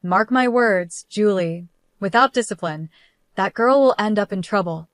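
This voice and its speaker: A woman voicing a stern older mother-in-law who speaks calmly, coldly and with a superior tone. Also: mid-range voice, a little slow, dry recording, natural voice. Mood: cold, scolding. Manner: calm, cold, superior.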